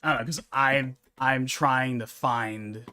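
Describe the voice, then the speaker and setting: A man's voice: mid-range voice, steady tone, takes it slowly, bright, forceful tone, no room sound. A man hosting a live reaction stream, musing aloud and often restarting his thoughts. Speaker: streamer host.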